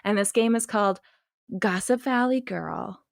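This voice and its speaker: A woman's voice: mid-range voice, unhurried, vocal fry, no room sound, clean studio sound. A woman with a Californian accent co-hosting a podcast, running a game in a playful, bossy way. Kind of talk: casual chat.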